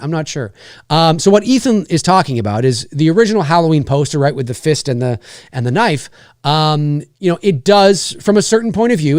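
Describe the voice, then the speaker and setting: A man's voice: a little high, a little mellow, no echo, studio quality. A man with a Canadian accent hosting a live stream, chatting casually and rambling with lots of fillers and restarts.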